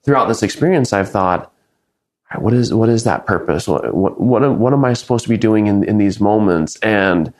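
A man's voice: lowish voice, expressive, moderate pace, darkish tone. Earnest young man telling a faith story. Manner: earnest, reflective, frequent restarts. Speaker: business speaker. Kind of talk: personal faith story, casual talk.

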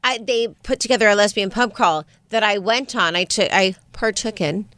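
A woman co-hosting a casual chat show, expressive with quick reactions. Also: medium pitch, no room sound. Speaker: co-host.

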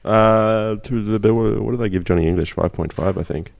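Gravelly, dry co-host. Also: male voice, fairly low pitch, moderate pace. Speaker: podcast co-host. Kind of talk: casual chat.

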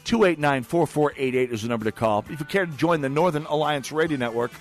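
A man's voice: fairly high pitch, fast talker, soft background music. A man hosting a talk radio show, delivering a sardonic, digressive monologue with wry asides into a studio microphone.

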